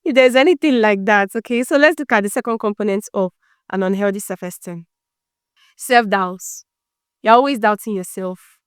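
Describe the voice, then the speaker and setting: A woman's voice: mid-range voice, clear, resonant tone, no room sound, studio quality. A woman hosting a motivational self-help talk, preachy and teasing, full of rhetorical questions. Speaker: self-help podcast host.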